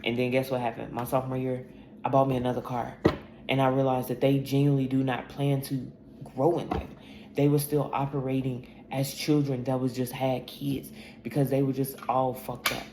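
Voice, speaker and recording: A woman's voice: a bass voice, level tone, moderate pace. A woman tarot reader talking through a casual spiritual reading, blunt and emphatic, swearing freely as she tells her own story. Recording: echoey room with clear background noise.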